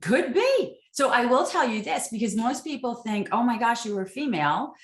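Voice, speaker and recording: A woman's voice: a little high, moderate pace, reverberant. A woman, a former military interrogator, telling stories in an interview and acting out the exchanges she quotes. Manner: animated, acts out quoted exchanges. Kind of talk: storytelling interview answers.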